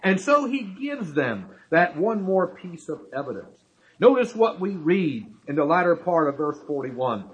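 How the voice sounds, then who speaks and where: A man's voice: on the high side, big pitch swings, measured pace, breathy edge, highs cut off. A man preaching a sermon, talking emphatically, repeating key points and asking rhetorical questions.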